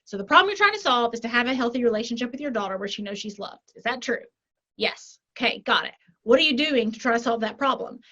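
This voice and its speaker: A woman life coach talking as a podcast guest, animated, walking through example scenarios and checking in with frequent tag questions. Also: on the high side, fast talker, poor audio. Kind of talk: conversational interview.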